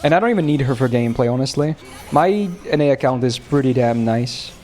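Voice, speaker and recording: Young male streamer from Finland, relaxed rambling chat, medium voice. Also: mid-range voice, fairly quick, soft background music. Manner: relaxed, rambling, laughs often, answers chat. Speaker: game streamer.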